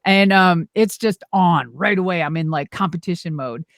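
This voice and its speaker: Middle-aged lady with a low voice telling stories, rambly and lively, swears a bit, dry sound. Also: moderate pace, dry recording. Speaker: guest, former wrestler and monster truck driver. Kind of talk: casual storytelling interview.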